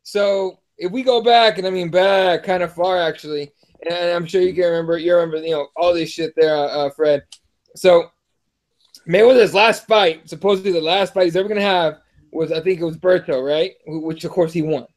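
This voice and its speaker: A man's voice: high-pitched, fairly even intonation, fairly quick. A man hosting a live podcast-style fight show, talking loosely, swearing and stumbling over his words. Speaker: podcast host. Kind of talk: casual live show chat.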